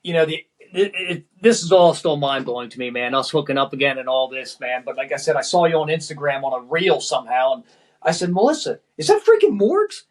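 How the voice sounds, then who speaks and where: A man's voice: medium pitch, a little fast, hardly any pauses, rough recording. A middle-aged man, a former firefighter lieutenant, tells a personal story as a podcast guest in a rambling, profane way, often tagging sentences with "man".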